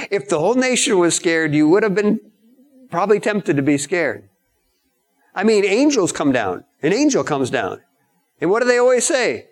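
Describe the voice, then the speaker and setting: Slow-talking high-voiced male preacher. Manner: animated storytelling, acts out quotes with sudden high shouts. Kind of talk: sermon.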